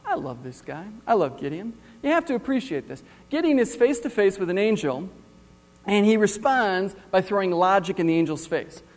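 A male preacher telling a Bible story with wry, lively humor. His voice sits high for a man. A long hall reverb trails every phrase. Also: normal speed. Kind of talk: sermon.

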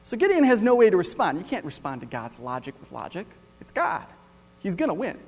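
A male preacher giving a sermon, retelling a Bible story in an animated, wry way. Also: sits high, a little fast, slightly rough, big-room sound.

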